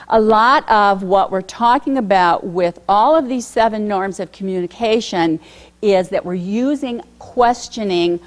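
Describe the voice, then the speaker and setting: A woman presenting a workshop to educators, lecturing in a conversational way with frequent pauses and fillers. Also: medium pitch. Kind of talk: lecture on coaching communication.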